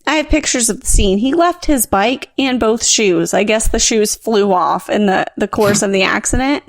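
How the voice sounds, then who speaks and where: A woman co-hosting a podcast, telling a story in a lively, self-mocking way with acted-out quotes. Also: mid-range voice, normal speed, no room sound. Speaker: podcast co-host. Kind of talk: casual chat, comic storytelling.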